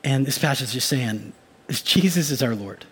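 A man preaching a sermon as a pastor, animated and given to acting out little mock inner voices. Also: medium pitch, normal speed, breathy edge.

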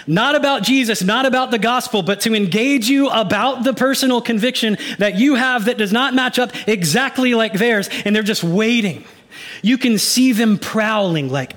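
A man preaching a sermon as a pastor, animated and given to acting out little mock inner voices. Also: extremely high pitch, normal speed.

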